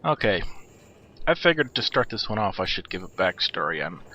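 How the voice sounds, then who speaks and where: A man's voice: low-pitched, big pitch swings, a little fast, pushed and bright, lo-fi sound. A man in his thirties giving casual, rambling game replay commentary, irreverent and profane. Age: 30s.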